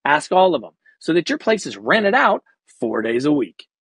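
This man, an actor-comedian appearing on a podcast, spins an animated, slang-heavy story and performs the quoted voices with real energy. His voice runs a little high and creaky with a breathy edge, at normal speed and without echo.

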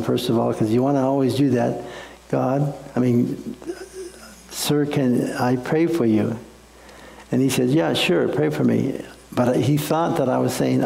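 A male pastor preaches in a folksy, conversational way, telling stories to his congregation. His voice is heavily gravelly and mellow. The room is echoey. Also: mid-range voice. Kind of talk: sermon.

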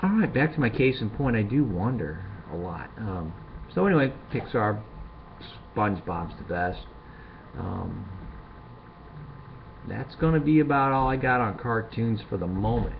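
Man, middle-aged, gravelly, lively pitch, crude rambling comic rant, dull lo-fi recording with faint hiss. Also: measured pace. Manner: rambling, crude and animated, builds to loud rants. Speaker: show host. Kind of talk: comedic monologue.

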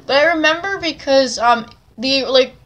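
A woman's voice: sits high, moderate pace, a bit bright. A young woman hosting a casual chat, rambling with lots of fillers and talking with enthusiasm. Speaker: channel host.

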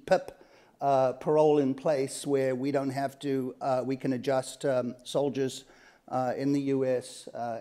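In a lecture hall, a man in his fifties with a South African accent moderates a law school panel, introducing the speakers and sharing his own story. He speaks haltingly and earnestly, with many fillers, in a mellow, medium-pitched voice.

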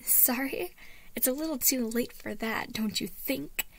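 A woman's voice: high-pitched, unhurried, vocal fry, voice pushed up, exaggerated voice. A woman reading as a bitter, hurt young woman scientist.

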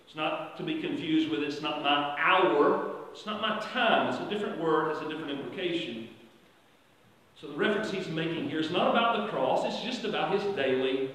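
Male pastor, high and very lively pitch, sermon delivery with sudden loud emphatic stretches, roomy far-off church sound. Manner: preaching with strong swings from quiet to loud, drawn-out emphatic phrases. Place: church sanctuary. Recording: echoey church hall from far off.

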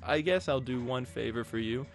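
A man's voice: mid-range voice, normal speed, soft background music, natural voice. A man voicing a grumpy male cannon keeper in a video game, grudging and impatient.

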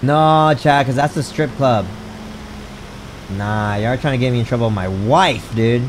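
The audio is poor, with slight background noise, as a man with a mid-range voice at a moderate pace streams a video game. He talks to his chat, reads menus aloud, and, being excitable, swears often and yelps when caught off guard.

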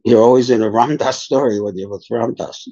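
Older male spiritual teacher, mellow husky voice, dull lo-fi sound, unhurried storyteller. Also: mid-range voice. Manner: unhurried, reflective anecdotes. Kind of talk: storytelling in a podcast interview.

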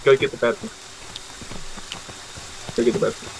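A man's voice: mid-range voice, fairly quick, creaky, slight background noise, poor audio. A man in game voice chat, urging his teammates to grab items and keep moving. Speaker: gaming friend.

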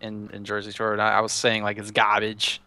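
A man's voice: on the low side, completely flat delivery, fast, sharp tone, smooth. A man casually showing a Minecraft server to a friend, rambling and restarting his sentences. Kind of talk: casual gameplay chat.

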